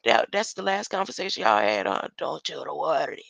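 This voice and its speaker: A woman's voice: sits low, very animated, normal speed, gravelly, a bit bright, no room sound, dull audio. A woman hosting a livestream, rambling through a spiritual monologue, often ending her lines with a questioning "huh?" and laughing between thoughts.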